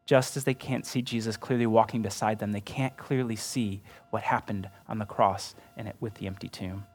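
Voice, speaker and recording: A man preaching a sermon as pastor, earnest and conversational, often turning to the listeners with a quick "right?". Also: on the low side, steady tone.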